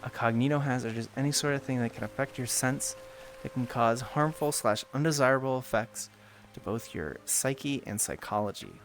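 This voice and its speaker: A man's voice: medium pitch, normal speed, faint music behind. A man chatting casually on a stream, joking around and coaching another player through a game. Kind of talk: casual gaming chat.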